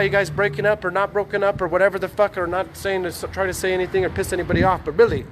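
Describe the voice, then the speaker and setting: A man ranting in a rambling, profane, preachy vlog monologue, talking excitedly to his phone camera. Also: sits high, rapid-fire, background noise. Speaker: vlogger. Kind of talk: rambling selfie-video monologue. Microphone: phone on a tripod.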